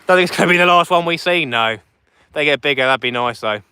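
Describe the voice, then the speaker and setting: A man's voice: a little high, quick pace, pushed and bright, smooth, dry recording. A man chatting casually on a fishing livestream outdoors on a beach at night, reading out viewer comments as he goes.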